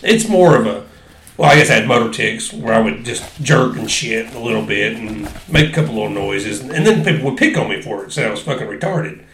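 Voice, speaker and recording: A man's voice: medium pitch, animated, fairly quick, a bit bright, roomy sound. A man co-hosting a casual comedic podcast, talking in a loose, profane drawl. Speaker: podcast co-host. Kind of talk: casual comedic movie chat.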